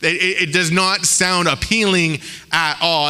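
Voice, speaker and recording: A man with a slightly high, bright and forceful voice preaches a sermon in a conversational, slangy way. He acts out the voices of the people he quotes. The sound carries a long reverb from a church sanctuary. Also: steady tone, a little slow, clear, resonant tone. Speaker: pastor.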